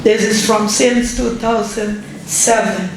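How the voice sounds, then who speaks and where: A middle-aged woman from Suriname, giving an unhurried, conversational guest lecture as an ambassador and often checking in with her audience. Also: medium pitch, steady tone, noisy background. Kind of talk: public lecture. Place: large university lecture hall. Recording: very echoey hall, faint room ambience.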